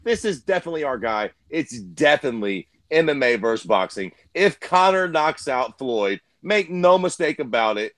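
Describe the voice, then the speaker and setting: A man's voice: medium pitch, sing-song, normal speed, few pauses, fairly bright tone, no room sound. Blunt, foul-mouthed male co-host. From Ohio. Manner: blunt, crude, heated rants. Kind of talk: profane casual chat.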